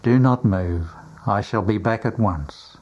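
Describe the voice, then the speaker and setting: A man voicing a gentle, grieving Jesus in a solemn, tender manner. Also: lowish voice, takes it slowly, slightly rough, lo-fi sound.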